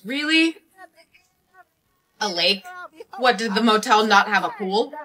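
A young woman acting in comedy skits, sassy and expressive. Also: medium pitch, slow pace. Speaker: lead in skits.

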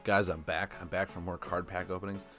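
A man's voice: low-pitched, level tone, a little fast, pushed and bright, faint music behind. A young man chatting casually on a live stream as he opens card packs and reads the card names aloud.

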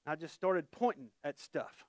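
A man's voice: fairly high pitch, lively intonation, unhurried, no room sound, clean studio sound. A middle-aged man preaching a conversational sermon as pastor, folksy and quizzing the congregation with questions.

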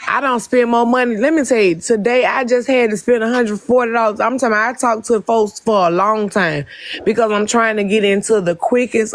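A woman's voice: medium pitch, dry recording. A woman chatting on a livestream, talkative and emotional, who admits she overtalks people. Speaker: livestream guest. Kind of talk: casual livestream chat.

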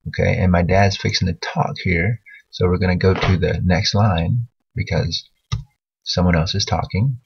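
A man's voice: low voice, steady tone, moderate pace, creaky, husky, dull audio. A man teaching a writing lesson over a screen recording, patiently correcting a student's work as he thinks aloud.

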